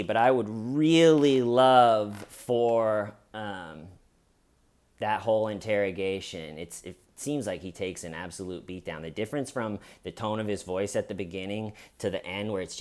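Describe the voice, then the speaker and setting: A young man with a fairly low voice, speaking at normal speed, hosts a true crime comedy show from his desk. He retells a crime story as a joke, acting out quotes in silly voices, in casual storytelling that includes a sponsor read.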